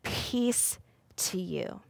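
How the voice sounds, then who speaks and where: A woman voicing Jesus as a calm, gentle man who speaks softly and slowly. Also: a little high, dry recording, clean studio sound. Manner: soft, hushed, slow.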